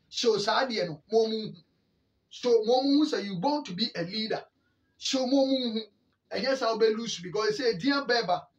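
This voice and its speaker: A Ghanaian man hosting a sports talk show, animated and excitable, mixing Twi and English and repeating words for emphasis. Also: sits high, echoey room, recorded from a distance, muffled recording. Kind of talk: animated commentary.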